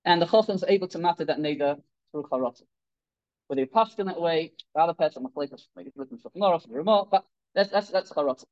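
A man with a slightly high voice speaks quickly in a muffled recording of his Torah talk. As a rabbi preaching through stories, he is animated, plays the characters he quotes, and restarts frequently.

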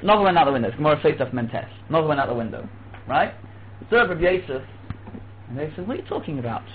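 A man teaching a religious lesson, telling stories lively and acting out quoted dialogue. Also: fairly high pitch, quick pace. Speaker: Torah teacher. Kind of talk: religious lecture. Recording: tinny phone-like with faint hum.

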